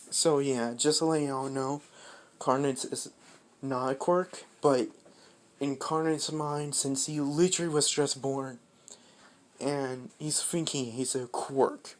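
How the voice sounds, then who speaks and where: A narrator improvising a fan-fiction story in a casual, halting way, full of restarts and casual swearing. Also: mid-range voice.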